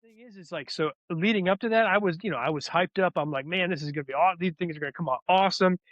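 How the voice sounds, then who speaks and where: Fast-talking man, muffled lo-fi sound. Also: sits high, no echo. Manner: rambling, repeats words as he restarts. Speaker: guest, former soldier turned wellness advocate. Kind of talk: candid personal storytelling. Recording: dull lo-fi audio.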